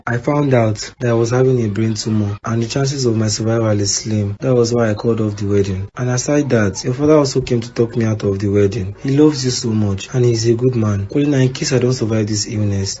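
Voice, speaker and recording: An actor voicing a dying fiancé who speaks a farewell letter calmly and tenderly. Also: male voice, on the low side, lightly acted. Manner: calm, tender. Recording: dull lo-fi with faint noise.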